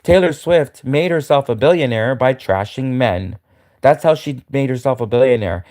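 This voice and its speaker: A man's voice: medium pitch, animated, moderate pace, a little mellow. A man giving a repetitive, mocking rant to camera in a livestream, full of stammers and restarts. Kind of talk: ranting monologue to camera.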